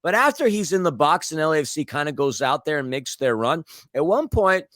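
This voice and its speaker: Guy ranting about a soccer match on a podcast, kinda high voice, dead dry sound. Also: big pitch swings, a little fast, fairly bright tone, dry recording. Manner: blunt, ranting, sarcastic asides. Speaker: podcast co-host. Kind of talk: casual soccer recap chat.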